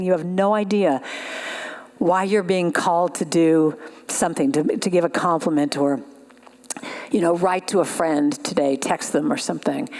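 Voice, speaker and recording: A woman speaking at a spiritual service, telling stories with acted-out voices and leading a slow sung chant. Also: medium pitch, darkish tone. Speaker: guest speaker and singer at a spiritual center. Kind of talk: storytelling talk ending in a sung chant.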